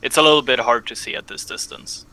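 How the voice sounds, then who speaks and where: A man narrating a tabletop game as game master, often pausing and searching for words. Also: mid-range voice, bright, forceful tone, low-quality recording. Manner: hesitant, searching for words with many fillers.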